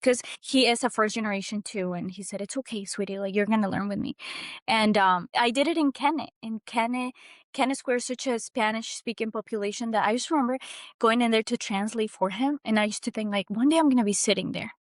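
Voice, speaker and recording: Speaking fairly quickly at a fairly high pitch, a young woman from Mexico shares her story as a guest. Her talk is casual, earnest, and animated, packed with restarts and "like," in a dry, studio-quality recording.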